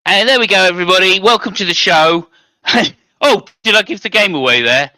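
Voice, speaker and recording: A man's voice: sits high, animated, brisk, sharp tone, dry recording. A man hosting a casual motorsport chat over an online call, jokey and rambling with many fillers. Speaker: podcast host.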